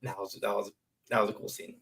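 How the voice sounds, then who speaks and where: A man's voice: on the low side, little pitch movement, fast, a bit bright. A man co-hosting a podcast, chatting about a movie with wry humor. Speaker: podcast co-host. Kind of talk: casual movie discussion.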